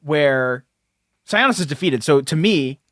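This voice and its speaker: Seorang pria membawakan podcast bersama, mengobrol santai tentang komik, sering tertawa dan cepat menyetujui lawan bicaranya. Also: male voice, a little high, animated, a little slow, a bit bright, no room sound, studio quality. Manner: chatty, laughs often, eager agreement. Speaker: podcast co-host. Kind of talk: casual comic book discussion.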